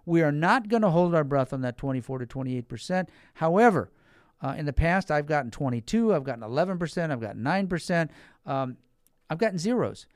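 A man's voice: on the high side, expressive, fairly quick, no echo, clean studio sound. A man explaining financial products in a folksy, repetitive sales manner, talking directly to the listener and stressing key words. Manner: folksy, repeats points, talks directly to listeners. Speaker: financial advisor.

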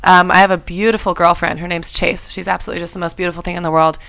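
A woman's voice: fairly low pitch, very fast, creaky, no echo, rough recording. A young adult woman co-hosting a talk show, telling a story in casual chat and acting out the quoted voices. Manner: animated, acts out quoted voices. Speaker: show co-host.

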